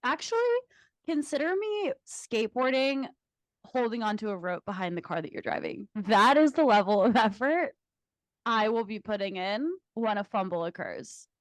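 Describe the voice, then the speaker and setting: A woman's voice: a little high, lively intonation, normal speed, no room sound. Young woman, podcast co-host, chatty, giggly, dry close sound. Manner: laughs often, chatty storytelling with swearing. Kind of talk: casual chat.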